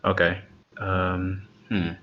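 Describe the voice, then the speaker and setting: A man's voice: sits low, completely flat delivery, slow pace, lo-fi sound. A man playing through a tabletop game playtest, hesitant and thinking his moves aloud with many ums. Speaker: playtest participant. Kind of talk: casual game play.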